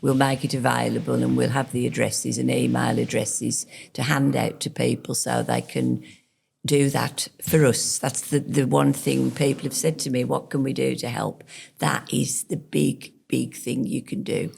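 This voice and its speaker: Gravelly, husky-voiced woman campaigner. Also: rumbling low, flat delivery, normal speed, darkish tone. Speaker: local campaigner. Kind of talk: conversational podcast interview.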